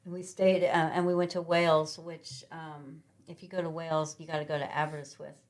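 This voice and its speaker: A woman from Sacramento, middle-aged, speaks in a low register. As a podcast guest she tells loose, animated anecdotes, with plenty of ums and restarts. The talk is relaxed and conversational. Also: fairly quick. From Sacramento, California. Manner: rambling, animated travel anecdotes with many fillers. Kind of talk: casual conversational storytelling.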